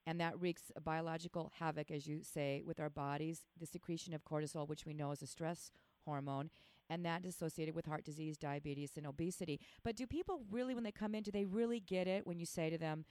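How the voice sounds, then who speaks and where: A woman's voice: sits low, steady tone, a little fast, a little mellow, clear, resonant tone, no room sound. A woman hosting a talk radio show, chatty and enthusiastic as she interviews a guest. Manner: chatty, enthusiastic, self-teasing.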